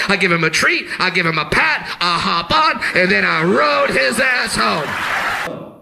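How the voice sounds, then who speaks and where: A man doing stand-up, telling a story loudly and excitably and shouting his punchlines. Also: extremely high pitch, moderate pace, creaky, a little hiss or hum. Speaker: stand-up comedian. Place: comedy stage before a live audience.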